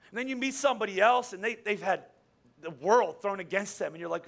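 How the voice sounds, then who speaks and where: A man's voice: sits high, lively intonation, fast, gravelly, a bit bright. A man in his forties from Pennsylvania, a pastor preaching a sermon in a nasal voice, telling stories and stumbling over repeated words. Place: church service.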